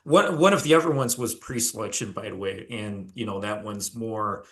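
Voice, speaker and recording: A man with a bright, sharp voice chats casually as a guest on a dating-coach panel. He talks loosely, swears freely and fills his pauses with "uh" and "um". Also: on the low side. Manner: loose, swears, hesitant fillers.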